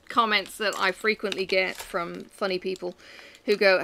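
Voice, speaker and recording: A woman chatting to her camera, animated and self-mocking as she tells stories at home. Her voice has a bright, forward tone with a gravelly fry at the ends of phrases. She jumps between asides and punchlines. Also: medium pitch, a little slow. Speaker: vlogger. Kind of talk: casual chat to camera.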